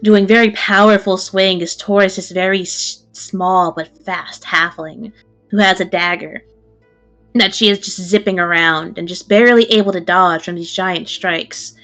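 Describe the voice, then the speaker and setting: A woman's voice: lowish voice, unhurried, soft background music. Woman narrating a tabletop game. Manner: lively, casual narration with fillers. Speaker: game master.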